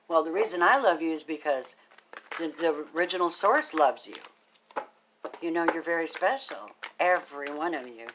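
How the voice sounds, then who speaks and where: Low-voiced woman giving a casual tarot reading. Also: slight background noise, rough recording. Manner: chatty and affectionate, thinks aloud, drops into soft half-whispered asides. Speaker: tarot card reader.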